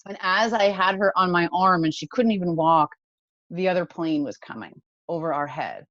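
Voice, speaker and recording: Interview guest: woman, low voice, dull dry recording, emotional storyteller. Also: normal speed, no room sound. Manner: emotional, animated retelling with laughs. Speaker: podcast guest, company founder.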